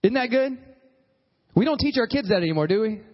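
A man preaching a sermon as pastor, animated, acting out quoted voices and calling for amens. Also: very high voice, a little fast, long reverb tail, lo-fi sound.

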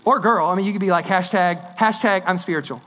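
Animated man preaching a casual sermon. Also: high voice, fairly quick. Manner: conversational, animated preaching with swings between loud and hushed. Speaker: pastor.

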